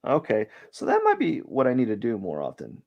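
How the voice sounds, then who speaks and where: A man's voice: medium pitch, wildly swooping pitch, fairly quick, dull audio. A man hosting a live drawing stream, giving casual commentary as he works and thinking aloud in a rambling way, with lots of fillers.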